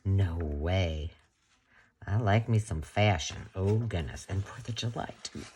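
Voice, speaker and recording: A woman's voice: a bass voice, a little slow, warm tone, slight background noise. A woman hosting a crafting channel, chatting casually and gushing as she unboxes a gift.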